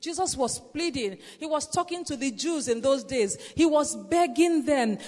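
High-voiced woman preaching in a reverberant hall. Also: expressive, moderate pace, darkish tone. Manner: earnest, repetitive exhortation with "Praise the Lord" interjections. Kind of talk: sermon.

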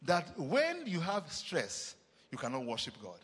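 A Nigerian man preaching with a lively, swinging delivery and a slightly husky tone. His voice sits a bit high and rings out with long reverb, as in a big church hall. He hammers phrases through repetition and slips in short chuckles. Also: measured pace. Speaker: pastor. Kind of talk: sermon.

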